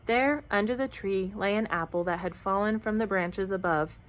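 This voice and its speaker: A woman narrates a children's picture book aloud. Her reading is expressive and even-paced, with a mid-range voice. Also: mid-range voice, moderate pace, muffled recording. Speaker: storyteller. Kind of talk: storybook read-aloud.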